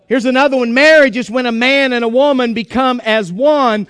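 A man preaches a sermon in a folksy, emphatic style, mixing in jokes at a moderate pace with few pauses. His voice sits very high for a man, smooth, resonant and a bit bright. The close, dry recording has no room sound.

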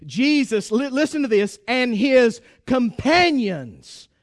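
High-voiced preacher exhorting his church. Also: sing-song, slow, no echo, studio quality. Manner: emphatic, exhorting, repeats phrases. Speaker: pastor. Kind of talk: sermon.

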